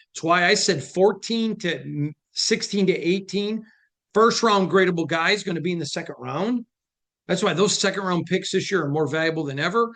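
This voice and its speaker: A man's voice: high-pitched, fairly bright tone. Emphatic male sports talk host. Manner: emphatic, preachy, quick to joke. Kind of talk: casual live-show sports talk.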